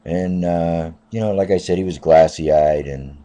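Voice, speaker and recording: A man in his fifties with a low, deep voice tells a story from his taxi rounds. His tone is soft and mellow, and he rambles along casually, stacking up "I said" and "uh" as he goes. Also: measured pace, lo-fi sound. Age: 50s. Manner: rambling, repeats "I said" and "uh". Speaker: taxi driver.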